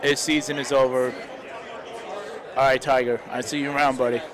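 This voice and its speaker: A young man talks loosely into his streaming mic as a live commentator. He rambles in a sincere, heartfelt way and keeps tacking "man" onto his lines. His voice sits at an ordinary middle pitch. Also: level tone, normal speed, fairly bright tone, a faint crowd.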